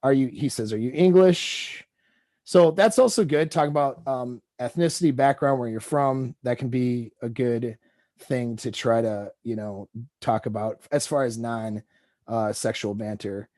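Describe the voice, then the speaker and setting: A man's voice: medium pitch, unhurried, darkish tone, dry recording, clean studio sound. A man coaching on dating, talking loosely and rambling as he reads out text messages and comments on them.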